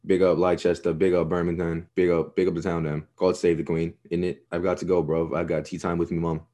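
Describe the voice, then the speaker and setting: A loud, cheeky young London lad in a mock-British accent, as a man puts him on, rattling off slangy shout-outs in a raised, pitched-up voice. The sound is dry and close, with no room around it. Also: little pitch movement, fairly quick, close to an everyday voice.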